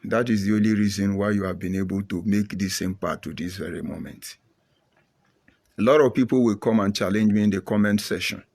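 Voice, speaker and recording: A man's voice: on the low side, a little fast, gravelly, darkish tone, slightly rough. A middle-aged man with a Nigerian accent, giving an impassioned, preachy monologue to viewers. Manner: emphatic, repetitive, preachy. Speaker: commentator.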